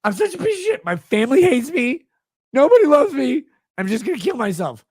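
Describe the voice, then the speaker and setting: A man's voice: big pitch swings, brisk, a little mellow, no echo, studio quality, exaggerated voice. A man mocking a whiny begging man. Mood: whining. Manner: high sobbing mocking whine. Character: whiny desperate adult man begging, mocked.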